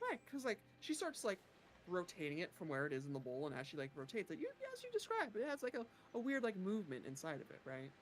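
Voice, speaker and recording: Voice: medium pitch, big pitch swings, fast talker, faint music behind. A player describing their character's moves in a chatty, musing way, full of fillers. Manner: chatty, musing, heavy use of "like". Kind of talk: casual tabletop play.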